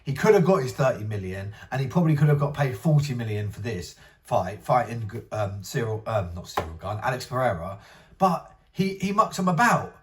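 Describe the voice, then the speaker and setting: A man's voice: mid-range voice, expressive, brisk, far from the mic. A young man hosting a casual commentary channel, ranting in an exasperated, rambling way and mocking others in whiny voices. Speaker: MMA commentary channel host.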